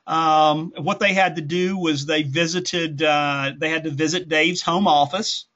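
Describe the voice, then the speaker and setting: Man leading a group call, slightly high voice, folksy and rambling, dull lo-fi line audio. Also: fairly even intonation, a little slow, sharp tone. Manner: rambling, self-correcting, folksy. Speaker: instructor hosting a group call. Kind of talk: conversational teaching call.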